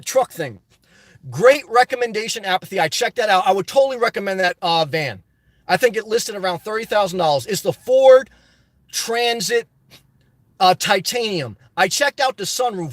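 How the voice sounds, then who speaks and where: A man's voice: sits high, a bit bright, dry recording. A middle-aged man hosting a live stream, reading viewer comments aloud and answering them in passionate, ranting casual talk. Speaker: livestream host. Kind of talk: casual live-chat reply.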